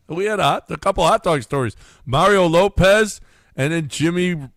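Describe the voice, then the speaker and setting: A man trades jokes and gentle teasing as a sports radio co-host. His voice is a touch high. He sounds dry and close on a studio mic. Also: a little slow, no room sound. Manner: teasing, wisecracking. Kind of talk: casual radio banter.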